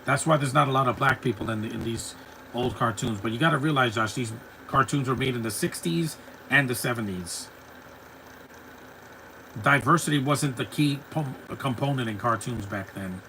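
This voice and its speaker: A man's voice: mid-range voice, normal speed, pushed and bright, a little hiss or hum, poor audio. A man hosting a live stream, chatting casually and rambling as he reacts to a cartoon and answers his chat. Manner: chatty, rambling, laughs easily, talks back to chat.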